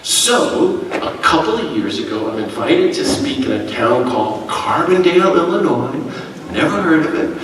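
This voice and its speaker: A man's voice: on the high side, very animated, moderate pace, a bit bright. A man from the United States giving a keynote speech as a priest, telling stories with self-deprecating humor and acting out quotes. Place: large echoey hall. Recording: echoey hall from far off.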